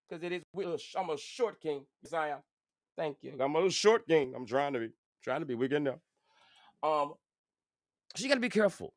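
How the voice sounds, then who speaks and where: Animated sassy man, lively pitch. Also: normal speed, pauses often, dry recording, clean studio sound. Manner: animated, sassy, profane, repeats phrases for emphasis. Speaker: channel host. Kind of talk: casual commentary vlog.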